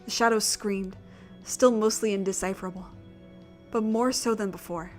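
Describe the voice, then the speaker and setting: A woman narrating a gothic visual novel in a steady, measured reading voice. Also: medium pitch, soft background music. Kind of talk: story narration.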